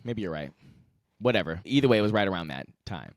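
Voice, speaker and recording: A young man co-hosting a podcast in casual chat, quick and opinionated, chiming in with reactions. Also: low voice, animated, no room sound, studio quality. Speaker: podcast co-host.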